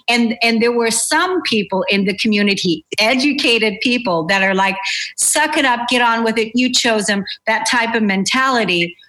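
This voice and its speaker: A woman's voice: a little high, fairly bright tone, low-quality recording. Earnest woman host, spiritual reflections. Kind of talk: reflective podcast conversation.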